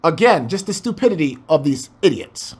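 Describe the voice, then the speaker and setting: A Bible teacher with a husky, somewhat dark voice that sits on the high side reads scripture verse by verse at a moderate pace, his pitch swinging widely. He breaks each passage down in emphatic, casual commentary, addressing his listeners like family.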